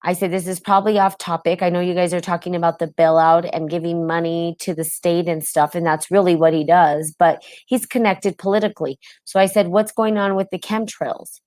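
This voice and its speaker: A woman's voice: on the low side, fairly even intonation, fairly quick, hardly any pauses, darkish tone, dry recording. A woman with a New Jersey accent hosting a live stream, talking in a heated, casual way and asking her viewers questions. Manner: impassioned, asks viewers questions, many fillers. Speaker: podcast host on a live stream.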